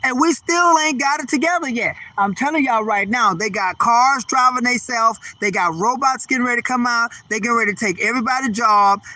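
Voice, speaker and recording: A man's voice: very high voice, no room sound. An older man, a comedian, ranting in a profane, rambling monologue. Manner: animated, profane, rambling rant. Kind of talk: stand-up style ranting monologue.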